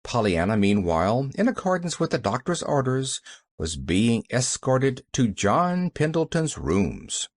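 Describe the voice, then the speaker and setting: Animated male audiobook narrator. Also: medium pitch, measured pace, no echo. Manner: animated storytelling. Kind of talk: scripted narration.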